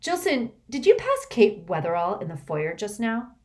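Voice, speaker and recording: A woman's voice: medium pitch, wildly swooping pitch, normal speed, darkish tone, voice pushed up. A woman voicing a haughty, scheming teenage girl enforcer who sneers and snarls at the children.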